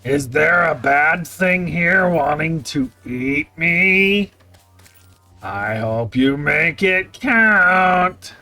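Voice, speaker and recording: A man voicing a male game character in a slow, deliberate drawl. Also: on the high side, lively intonation, bright, forceful tone, faint music behind, pitched above the performer's own voice, full character voice. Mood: mock-solemn.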